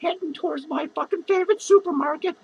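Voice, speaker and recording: A shrill drunk clown. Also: male voice, fast talker, gravelly, muffled recording. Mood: drunk rambling. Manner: slurred, rambling, profane, giggling. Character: drunk, rambling, self-pitying male clown. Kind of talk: comedic character monologue.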